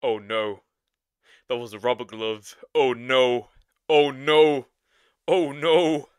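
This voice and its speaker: A man's voice: mid-range voice, fairly even intonation, takes it slowly, clear, resonant tone, dry recording. A man casually commenting on a cartoon he is watching, rambling and self-interrupting with frequent laughter. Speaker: reaction video host.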